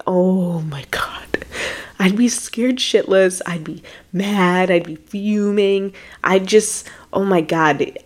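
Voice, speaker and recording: A young woman co-hosting, reacting to a story in casual, animated talk with frequent swearing. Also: lowish voice. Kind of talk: casual chat.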